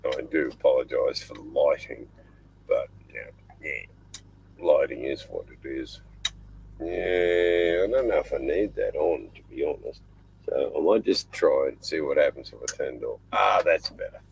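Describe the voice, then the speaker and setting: A man's voice: very deep voice, normal speed, vocal fry, husky, poor audio. An older Australian man hosting a casual live stream from inside his small boat at night, rambling and chatting in between fussing over his dog. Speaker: livestream host.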